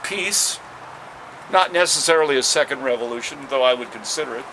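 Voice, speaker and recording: An older man, a street poet outdoors at a city train station, rambling and swearing in an impassioned rant and reciting verse slowly and dramatically. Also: medium pitch, sharp tone, slight background noise. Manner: profane, rambling, impassioned ranting.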